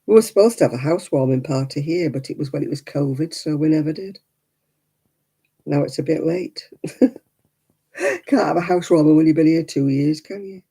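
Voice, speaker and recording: Gravelly dark-voiced woman chatting casually. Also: deep voice, a little fast, pauses often. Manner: chatty, coos baby talk to her dog. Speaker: crafting livestream host. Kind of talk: casual chat while knitting.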